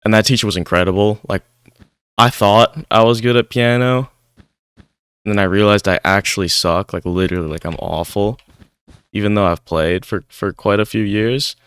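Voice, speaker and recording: A young adult gaming YouTuber chats casually over gameplay into a desk microphone, rambling and saying "like" constantly. His voice is lowish, a bit bright and smooth, at a moderate pace, in a dry recording.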